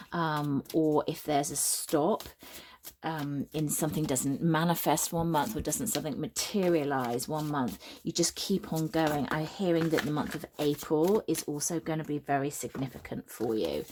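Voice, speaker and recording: A woman from the UK reads tarot cards aloud in a low, slightly croaky voice. She talks softly and haltingly, with many ums and restarts. A faint hiss of noise sits under the recording. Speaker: tarot reader. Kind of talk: spoken tarot reading to camera.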